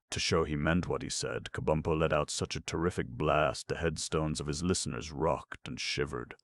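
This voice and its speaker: A man narrating a children's fantasy audiobook in a steady storytelling manner. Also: a bass voice, moderate pace, few pauses, no room sound. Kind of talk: scripted narration.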